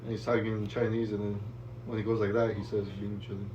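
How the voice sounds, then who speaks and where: A man's voice: lowish voice, little pitch movement, fast talker, dull audio. A young man with a Californian accent, chatting casually on a podcast and swearing offhandedly. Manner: laid-back, swears casually. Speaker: podcast co-host. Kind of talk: casual chat. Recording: distant mic with background noise.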